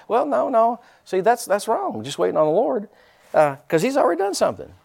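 A man's voice: high voice, fast talker, creaky. A man preaching a sermon. He calls out to the congregation, repeats his lines for effect and drops in folksy, joking asides. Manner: animated preaching with call-and-response and repeated phrases. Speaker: pastor.

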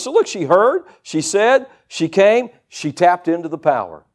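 A man preaching a sermon to a church congregation, animated and conversational, with folksy everyday asides. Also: on the high side, a little slow.

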